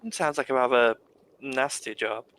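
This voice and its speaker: A man's voice: mid-range voice, normal speed, a bit bright, natural voice, poor audio. A man voicing a flirtatious female cat-folk brothel madam who speaks in a teasing, coy way.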